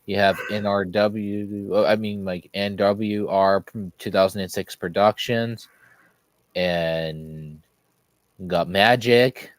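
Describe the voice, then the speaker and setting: A man with a fairly low voice talks at an unhurried pace. He sounds reassuring, pausing over fillers and restarting his sentences. The sound is dry and close. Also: fairly even intonation, no room sound.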